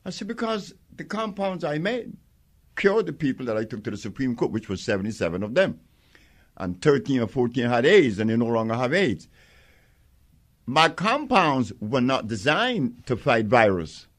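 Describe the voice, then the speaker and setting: Older man, interviewee, emphatic storyteller, pitch leaping up and down, acts out dialogue. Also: normal speed. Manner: animated storyteller acting out quoted exchanges, emphatic, laughs often. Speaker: interviewee, herbal healer.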